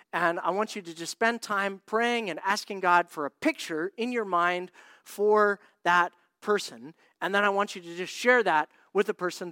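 A man's voice: high voice, fairly bright tone, dry recording, studio quality. A man preaching a sermon, telling a story and acting out the people in it. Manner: storytelling, acts out quoted voices. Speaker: pastor.

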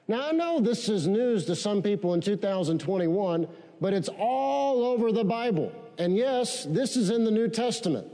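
A man's voice: high voice, animated, normal speed, mellow. A man preaching a sermon and leading the congregation in call-and-response repetitions. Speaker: pastor. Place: large church sanctuary. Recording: long hall reverb.

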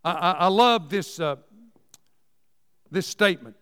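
A man's voice: high voice, lively intonation, unhurried, fairly bright tone, clear, resonant tone, in a large hall. A man preaching a sermon in a church, folksy and emphatic, repeating key phrases for emphasis.

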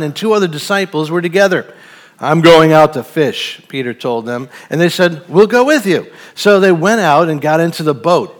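A man's voice: on the high side, a bit bright. A man preaching a sermon, reading a Bible passage and then reflecting on it in an earnest, thoughtful way.

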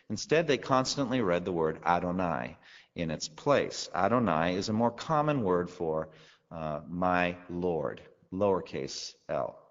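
A man preaching a sermon to a congregation, teaching conversationally and asking the listeners rhetorical questions. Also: low voice. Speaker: pastor. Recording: long reverb, dull lo-fi sound.

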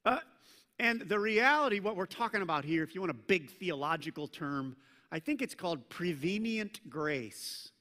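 A man preaching a sermon to a congregation, talking conversationally and joking with the room, swinging between loud emphasis and hushed intensity. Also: sits high, lively intonation, moderate pace. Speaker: pastor. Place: church service with a congregation. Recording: long church reverb.

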